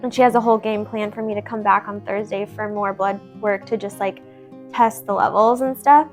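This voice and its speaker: A young woman chatting at home, telling her husband a personal story in a lively, casual way. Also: medium pitch, a little fast, faint music behind. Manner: chatty, animated, laughs often while telling a story.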